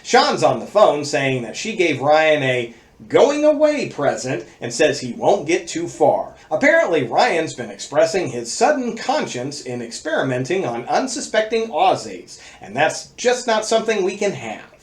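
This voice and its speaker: A sarcastic male movie reviewer with a fairly high, bouncy voice that swings up and down as he rattles through gory lists. He sounds like he is in an echoey room, with faint music playing underneath his narration. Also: moderate pace. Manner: sarcastic, playful, lively list-reading.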